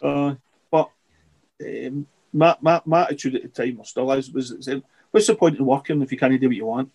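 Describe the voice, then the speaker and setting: A middle-aged man, a podcast guest, chatting casually and rambling with halting restarts and repeated words. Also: mid-range voice, gravelly, darkish tone. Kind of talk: casual interview chat.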